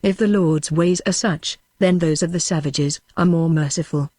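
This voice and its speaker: A woman's voice: low voice, normal speed, no echo. A text-to-speech woman reading a bitter grieving mother. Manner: even synthetic reading, no change of voice. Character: grieving, feverish young mother, bitter and fey.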